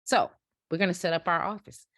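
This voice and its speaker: A woman's voice: fairly low pitch, a little fast, a bit bright, no echo, clean studio sound. A woman teaching a step-by-step business lesson, stressing key points and checking in with her listeners. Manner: emphatic, repeats key points with check-ins. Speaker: dispatching business instructor. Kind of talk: instructional walkthrough. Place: home office.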